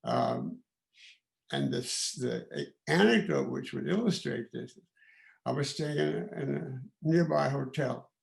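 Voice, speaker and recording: A man in his eighties with a deeply gravelly, creaky voice gives unscripted remarks to a gathering. He speaks at a middle pitch, pausing often, trailing off and restarting his sentences. His tone is reflective and candid. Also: sing-song. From Canada. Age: 80s. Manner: halting, with many pauses and restarts. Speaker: guest of honour giving remarks. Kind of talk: informal spoken remarks.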